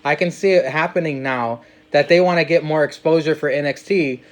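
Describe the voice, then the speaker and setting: A man's voice: fairly high pitch, fairly quick. A man hosting a casual podcast, teasing his guest and posing questions. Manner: playful, teasing, asks questions. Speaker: podcast host.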